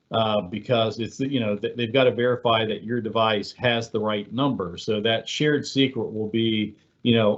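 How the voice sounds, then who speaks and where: A man's voice: lowish voice, muffled recording. A man giving a webinar presentation in a casual, conversational way, telling examples with many fillers. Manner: conversational, filler-heavy, storytelling.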